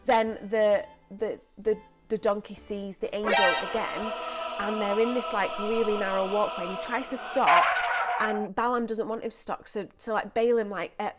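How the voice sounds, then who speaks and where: A young woman presenting a lively children's church story, chatty and animated. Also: mid-range voice, normal speed, over loud music. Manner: animated, chatty, acts out voices.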